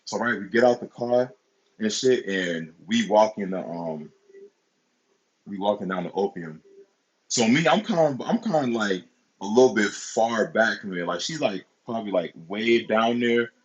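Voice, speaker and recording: Rambling husky young man telling a story. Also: on the low side, expressive, normal speed, dull audio. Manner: rambling, profane, repeats himself. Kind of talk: casual storytime.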